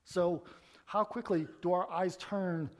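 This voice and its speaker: A preacher delivers a sermon in a high-pitched voice. He talks to the congregation casually, acting out little dialogues. His delivery stays lively and animated. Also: slow pace. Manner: animated, conversational, acts out quotes.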